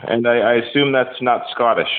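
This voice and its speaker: A man's voice: medium pitch, a little hiss or hum. A man interviewing a guest by phone, eager and slightly out of breath. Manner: eager, fast-talking. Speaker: podcast host and interviewer. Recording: tinny phone line.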